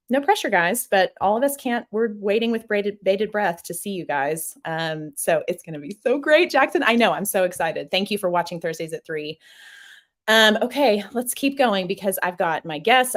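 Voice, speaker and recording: A young adult woman hosts a casual live stream from a small office. Her voice sits a little low, but she talks in a bubbly, gushing way and reads viewer comments aloud. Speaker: host.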